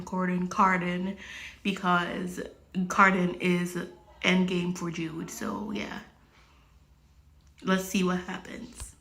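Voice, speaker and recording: A woman's voice: mid-range voice, vocal fry, fairly bright tone. A young woman talking casually about a book she is reading, slangy and swearing freely as she rants. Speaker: book reviewer. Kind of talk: casual book review vlog.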